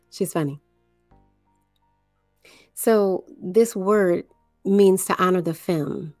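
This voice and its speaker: A woman from the New Orleans area giving a slow explanatory monologue, with deliberate, drawn-out phrasing and pauses. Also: on the low side, mellow, no room sound, clean studio sound, soft background music.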